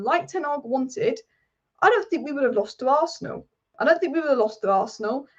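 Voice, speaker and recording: A woman's voice: high-pitched, dull audio. A woman hosting a live football show, ranting passionately and repeating points for emphasis. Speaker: football channel host.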